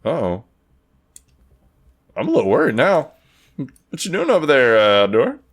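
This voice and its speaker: A man running a tabletop game as game master, animated and playful, swearing when rolls go badly. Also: mid-range voice, moderate pace, slightly rough.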